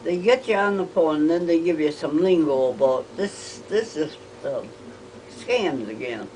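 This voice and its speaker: An older woman telling rambling family stories, halting with frequent restarts. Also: deep voice, expressive, darkish tone, a little hiss or hum, poor audio. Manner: hesitant, halting, with many restarts. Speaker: interviewee.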